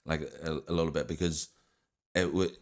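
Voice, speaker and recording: A man's voice: very deep voice, fairly even intonation, normal speed, darkish tone. A young adult man hosting a podcast, telling stories in a rambling way with lots of fillers and swearing. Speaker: podcast host. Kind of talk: casual chat.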